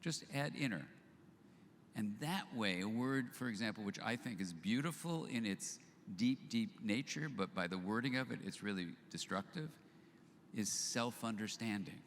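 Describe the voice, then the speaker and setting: A man's voice: on the low side, normal speed. Older guy giving a talk, acts out both voices in his stories, long reverb hall, bit of noise. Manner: animated storyteller who acts out both sides of a dialogue. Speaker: speaker at a live event. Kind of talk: storytelling talk to an audience. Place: event hall.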